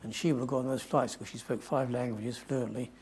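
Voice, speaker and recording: A man's voice: medium pitch, fairly even intonation, fairly quick, a little mellow, slight background noise. An older man giving a talk to an audience, telling a long adventure story in a rambling way and often correcting himself. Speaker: guest speaker.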